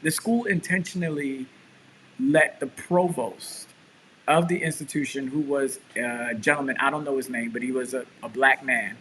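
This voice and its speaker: A man's voice: mid-range voice, normal speed, slight background noise, rough recording. A man, a pastor and show co-host, telling a story in casual chat and acting out the quotes. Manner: animated storyteller, acts out quotes.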